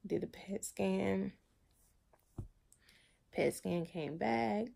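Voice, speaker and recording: Slow, gravelly-voiced woman vlogger. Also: medium pitch, mellow. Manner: emotional, halting, repeats herself. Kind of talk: personal video diary.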